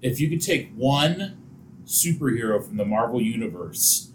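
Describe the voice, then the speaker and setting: A man's voice: mid-range voice, lively intonation, normal speed, slight background noise, rough recording. A man co-hosting a casual wrestling podcast, joking and wisecracking. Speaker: podcast co-host.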